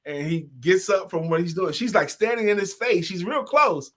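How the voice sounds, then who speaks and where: A man hosting a relaxed online talk show, reading out viewer comments and reacting to them. He tells stories with energy, breaks into snatches of song and laughs easily, and his voice sits somewhat high for a man. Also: normal speed. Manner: animated storyteller, sings snatches of songs and laughs often. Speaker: host. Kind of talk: casual live-stream chat reading comments.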